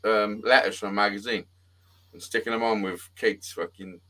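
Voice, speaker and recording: A man's voice: lowish voice, normal speed. A man telling a rambling, swearing story on a casual live-stream chat as the show's host. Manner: swears a lot, animated storytelling with acted-out quotes.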